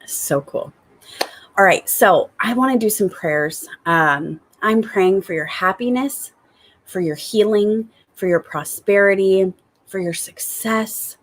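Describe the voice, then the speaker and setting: A woman talking to her viewers in an upbeat, enthusiastic gratitude vlog, returning again and again to the same warm phrases. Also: mid-range voice, slow pace. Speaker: spiritual coach.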